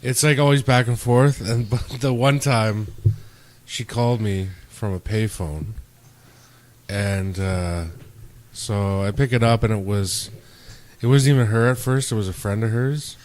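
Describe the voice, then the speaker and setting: A man's voice: lowish voice, fairly even intonation, unhurried, darkish tone. A young man hosting a podcast, rambling through a story in casual chat and acting out quoted exchanges. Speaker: podcast host.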